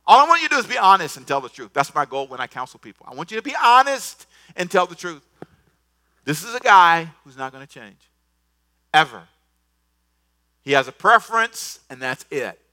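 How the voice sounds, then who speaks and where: Animated high-pitched male preacher. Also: moderate pace. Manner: animated, swings from soft asides to loud emphatic bursts; repeats words, acts out scripture dialogue. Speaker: pastor. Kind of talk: sermon.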